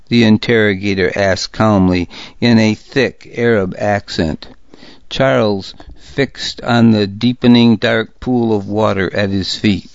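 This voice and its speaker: A man narrating a first-person story in a measured, even storytelling delivery. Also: on the low side, vocal fry, no echo. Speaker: audiobook narrator. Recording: dull, slightly lo-fi dry recording.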